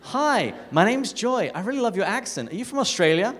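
A man putting on the voice of a cheerful, forgetful young woman who gushes in a high, bubbly way. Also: very animated, brisk, fairly bright tone, big-room sound. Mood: gushing.

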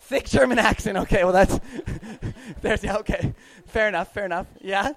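Very high-voiced man giving a faith talk. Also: moderate pace, creaky, a bit bright, low-quality recording. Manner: casual, chatty, laughs often, questions the crowd. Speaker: youth minister. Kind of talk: interactive faith talk to an audience.

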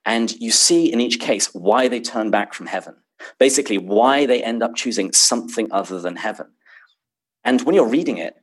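A man, speaking as a podcast guest in casual interview chat, articulate and quick to laugh. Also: lowish voice, slightly rough, poor audio.

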